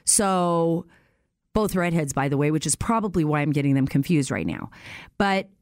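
A woman hosting a show, telling a story in a casual, animated way and acting out what others said. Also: deep voice, moderate pace, dry recording, clean studio sound. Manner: animated storyteller, acts out quoted voices. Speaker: host.

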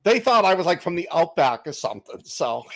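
A man's voice: high-pitched, big pitch swings, fairly quick. A man with a Boston accent, an author chatting as a guest on a video call and telling stories with jokes at his own expense. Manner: jokey storyteller, laughs at himself. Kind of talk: casual interview chat. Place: home desk on a video call.

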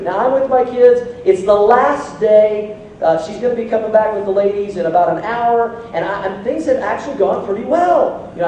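A man in his forties delivers a sermon, telling stories with lively, self-mocking humor. His voice sits high and mellow. The recording catches him from afar in a very reverberant church hall, with a faint hiss underneath. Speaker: pastor. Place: church sanctuary. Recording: very echoey hall from a distance.

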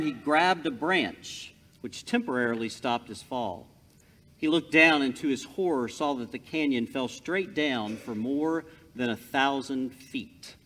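Man preaching slow with lots of ups and downs, echo in a big hall. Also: medium pitch. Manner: storytelling with lively emphasis. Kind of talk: sermon. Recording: long hall reverb.

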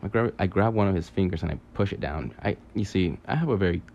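A man telling a long dream story in a halting, rambling way, full of fillers, restarts and casual swearing. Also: deep voice, lively intonation, vocal fry, highs cut off, slight background noise. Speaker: podcaster recounting a dream.

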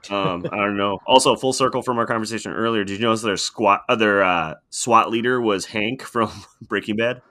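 A man with a lowish, bright voice chatting on a movie podcast. He jokes around, laughs easily and fumbles for names as he goes. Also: brisk, hardly any pauses. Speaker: podcast co-host. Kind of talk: casual movie discussion.

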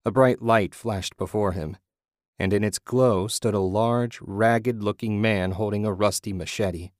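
A man narrating a horror story in a steady, measured reading. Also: fairly low pitch, dry recording, studio quality.

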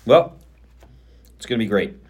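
A man's voice: mid-range voice, animated, normal speed, darkish tone, slightly rough. A male pastor on a podcast, reading Bible passages aloud expressively and bantering playfully with his co-host.

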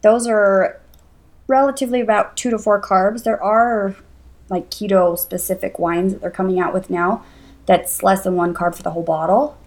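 A woman's voice: mid-range voice, steady tone, moderate pace, a little mellow. A woman guest on a podcast, listing items casually with fillers. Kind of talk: casual interview chat.

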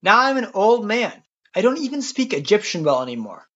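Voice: medium pitch, very animated, a bit bright. A podcast narrator voicing an anxious, doubtful old male prophet who protests and panics, on a dull lo-fi recording. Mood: protesting. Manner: fretful, protesting, quick to panic. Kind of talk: storytelling podcast.

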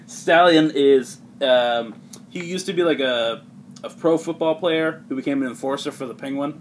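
A man's voice: medium pitch, moderate pace, a little hiss or hum. A man casually recapping a comic for friends, rambling with lots of filler words. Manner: rambling, heavy use of "like", laughs often. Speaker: podcast host recapping a comic. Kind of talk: casual chat.

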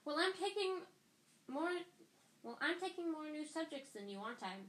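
A bookish schoolgirl with a raised, bright voice, earnest and sharp when she scolds, as a woman reading aloud puts her on. The pitch leaps around as she lists things with brisk conviction. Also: sing-song, reverberant.

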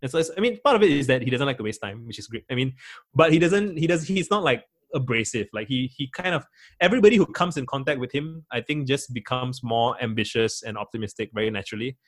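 A man's voice: medium pitch, animated, fast talker. Rambling man. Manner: rambling, many fillers and restarts. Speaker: interview guest. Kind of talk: casual conversational interview.

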